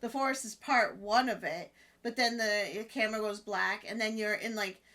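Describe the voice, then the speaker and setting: A woman's voice: mid-range voice, fairly even intonation, normal speed, pushed and bright. A woman co-hosting a gaming channel, chatting easily about a horror game with lots of "like" and "you know". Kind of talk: casual chat reviewing a horror game.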